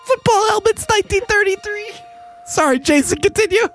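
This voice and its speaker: A man's voice: extremely high pitch, a little fast, a bit bright, faint music behind. A man co-hosting a casual podcast, laughing often and swearing freely. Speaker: podcast co-host. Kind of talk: casual comedic chat.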